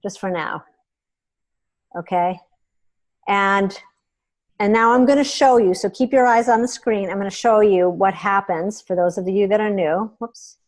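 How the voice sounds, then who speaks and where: A woman hosting a meeting, giving a chatty hands-on software tutorial and often checking in with her listeners. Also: medium pitch. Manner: chatty and instructive, checks in with "okay?". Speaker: meeting host.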